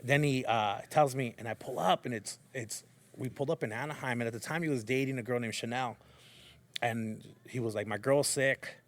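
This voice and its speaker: Animated man telling a story, bro talk. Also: medium pitch, normal speed. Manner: animated, acts out quotes, says bro a lot. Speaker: podcast host. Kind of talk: storytelling in casual chat.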